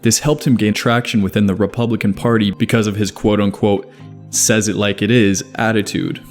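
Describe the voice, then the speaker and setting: A man with a somewhat low voice reads a scripted video essay. His delivery is measured and evenly explanatory, never rushed. Faint music plays quietly behind him. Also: steady tone. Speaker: narrator. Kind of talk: scripted narration. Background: faint background music.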